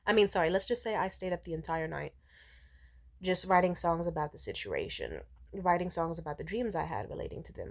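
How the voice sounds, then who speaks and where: A young woman vlogging a candid personal update, rambling with lots of fillers and swearing, jumping from loud outbursts to hushed asides. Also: fairly low pitch, gravelly. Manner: swings between loud outbursts and hushed, near-whispered asides.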